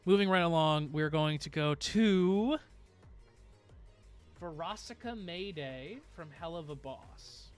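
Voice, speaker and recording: A man's voice: fairly high pitch, slow, faint music behind. A man streaming live, chatting casually and rambling to his viewers with frequent laughs.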